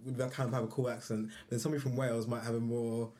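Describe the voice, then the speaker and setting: A speaker in a casual podcast chat, teasing and quick to agree. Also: mid-range voice, level tone, warm tone.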